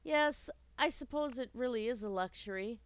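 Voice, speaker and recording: A woman voicing a sweet elderly working-class nanny who talks gently in old-fashioned speech, with a touch of bitterness. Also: on the high side, moderate pace, clear, resonant tone, no echo, natural voice. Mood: gentle. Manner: gently chatty, archaic speech, mildly bitter. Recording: dull lo-fi dry recording.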